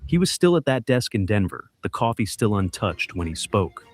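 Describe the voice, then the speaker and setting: A man giving scripted dramatic mystery narration, measured and suspenseful, delivered in short clipped phrases. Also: fairly low pitch, sing-song, breathy edge.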